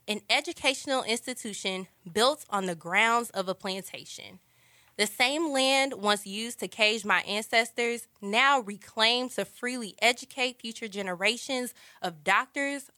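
A woman's voice: mid-range voice, pushed and bright, no echo. An actress voicing an earnest, upbeat young woman starting college, narrating with heartfelt expression over a music score. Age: young adult. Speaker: lead character and narrator. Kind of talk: audio drama narration and dialogue.

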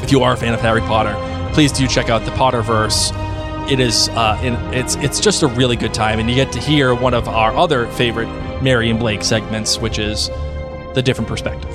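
A man's voice: mid-range voice, steady tone, brisk, over music. A man co-hosting a podcast, casually chatting and earnestly plugging segments. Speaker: podcast co-host. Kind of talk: casual chat.

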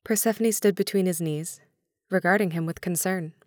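Gentle woman narrator, lowish voice, dry close recording. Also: normal speed, dry recording. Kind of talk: storybook narration.

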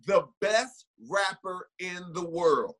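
A man with a high, bright voice and a slightly husky edge holds forth on a podcast. He talks in an emphatic, opinionated way, building his point like a story in loose, casual conversation. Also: slow. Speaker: podcast co-host.

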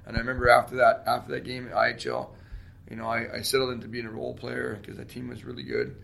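A man in his forties from Canada, an interview guest telling animated stories and shouting out quoted lines. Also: medium pitch, fast talker, gravelly, slight background noise. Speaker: guest, former pro hockey player. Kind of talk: storytelling interview.

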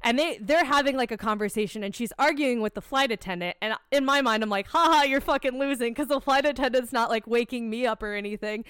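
Young american woman, high voice, smooth, swearing, heated storytelling, dry close mic. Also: quick pace, few pauses, no room sound. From United States. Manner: profane, heated and animated storyteller. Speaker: podcast co-host. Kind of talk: casual storytelling chat.

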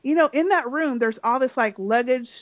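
Animated high-voiced woman retelling a story. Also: normal speed, dry recording. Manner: animated, emotional storytelling with swearing. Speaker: podcast co-host recapping a reality show. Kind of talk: casual chat. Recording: dull lo-fi sound.

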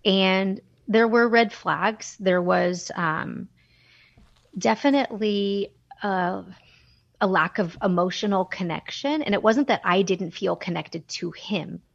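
A woman's voice: mid-range voice, slow, gravelly, no echo, lo-fi sound. A woman telling a personal story in a podcast chat, candid and emotional, acting out the dialogue she quotes. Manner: animated, acts out quoted dialogue. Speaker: guest.

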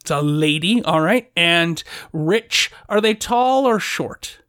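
Playful game master with a dry voice. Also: female voice, lowish voice, lively intonation, a bit bright, no echo. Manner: playful, laughs often, halting restarts. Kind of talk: narrating a tabletop game.

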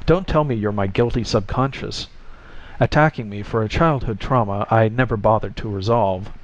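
A man's voice: lowish voice, normal speed, natural voice. A man voicing a young man in love who answers with dry, good-humored wit, in a slightly muffled recording. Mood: wry.

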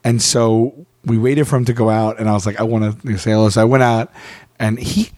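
A man's voice: lowish voice, brisk, dry recording, studio quality. A man in casual chat, telling stories with lots of restarts and swearing. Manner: profane, stammering restarts, animated storytelling.

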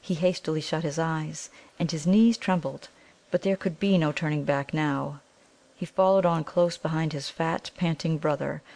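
Low, creaky woman reading a story. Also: a little mellow. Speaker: audiobook reader. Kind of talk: storybook narration.

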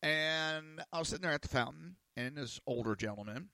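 Guy rambling on his little show, gravelly and bright, dry room, keeps repeating himself. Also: fairly high pitch, lively intonation, brisk, no room sound. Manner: rambling, repeats words, curses casually. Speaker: host of a small radio and YouTube show. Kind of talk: casual rambling monologue.

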